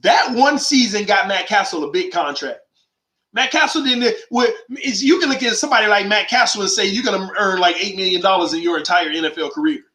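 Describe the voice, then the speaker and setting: A man's voice: high voice, brisk, pushed and bright, echoey room. A man hosting a call-in sports show, delivering an emphatic, slangy monologue full of rhetorical questions. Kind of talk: animated opinionated monologue.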